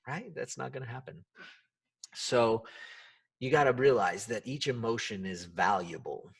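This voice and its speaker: A man hosting a solo self-help podcast, talking in an animated way and acting out the quoted voices and reactions. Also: medium pitch, a little slow, vocal fry, slightly rough, distant mic. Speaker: podcast host.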